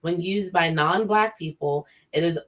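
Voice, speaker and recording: A woman's voice: lowish voice, a little slow, a bit bright. A woman co-hosting a casual podcast chat, arguing her points, asking questions and laughing along. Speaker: podcast co-host.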